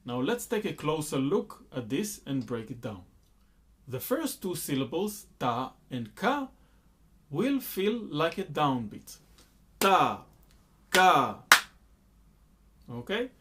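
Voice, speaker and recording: A man's voice: fairly high pitch, big pitch swings, unhurried. A man teaching a rhythm lesson, patiently explaining beats and counting rhythm syllables aloud. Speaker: music teacher.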